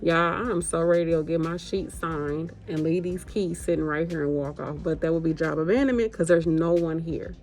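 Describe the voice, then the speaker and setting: A woman's voice: low-pitched, fairly quick, hardly any pauses, a little mellow. A young woman nurse talking casually and exasperated to her viewers, addressing them as a group and swearing freely. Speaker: agency nurse vlogger. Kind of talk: casual vlog rant to viewers.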